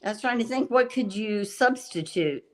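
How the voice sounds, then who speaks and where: Her voice sits on the high side with lively intonation at normal speed as this woman hosts a livestream, chatting casually with viewers while cooking. She's rambling and chatty, laughing and restarting often, in a low-quality recording.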